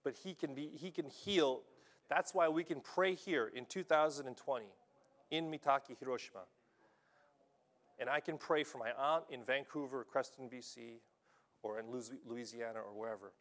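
A male pastor preaching a sermon in an animated, emphatic way, often checking in with his listeners. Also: medium pitch, normal speed. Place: church in Japan.

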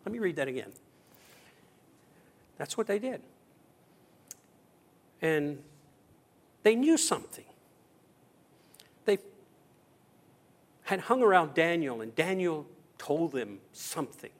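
A middle-aged man preaching a sermon as pastor, telling stories with acted-out quotes and swinging between loud and hushed. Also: a little high, lively intonation, slow pace, long pauses.

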